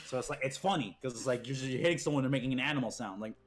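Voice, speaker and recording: A man's voice: mid-range voice, racing, a crowd in the background. A young man streaming, casually telling stories about friends, swearing and laughing, acting out what they said. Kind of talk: casual storytelling chat.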